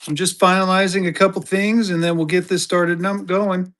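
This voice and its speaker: A man with a high voice hosts a casual live-stream sale. He talks chattily and greets buyers by name. He keeps urging everyone to get in and bid. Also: flat delivery, normal speed, a bit bright. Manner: hypes bidders, greets viewers by name. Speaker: live-stream auction host. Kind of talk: live-stream selling chat.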